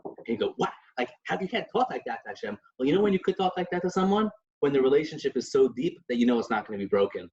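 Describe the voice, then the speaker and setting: A man's voice: mid-range voice, expressive, fast talker, noisy background. A man co-hosting a podcast, telling stories in a casual religious discussion with many restarts and Yiddish terms. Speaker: podcast co-host. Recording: dull lo-fi recording.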